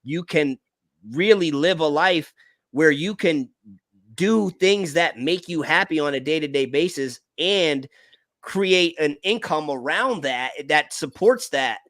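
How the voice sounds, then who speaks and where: An American man hosting a casual talk. He tells animated personal stories, often restarts his words and calls people "bro". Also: fairly high pitch, slow, no room sound. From United States. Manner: animated storytelling, repeats words, says bro. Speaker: podcast host. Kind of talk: casual conversation.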